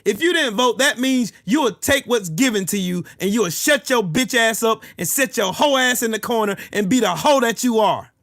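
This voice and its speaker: A man rants furiously at his live chat. His voice sits high, and he swears and shouts his way through every point. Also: expressive, moderate pace, hardly any pauses. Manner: furious, profane, shouting at commenters. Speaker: live-stream host. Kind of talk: angry political rant to live chat.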